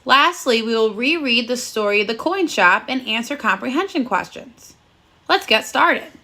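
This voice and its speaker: A woman teaching a recorded phonics lesson to young children, encouraging them and sounding out words slowly and clearly. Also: fairly high pitch, animated, bright, forceful tone. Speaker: first grade teacher.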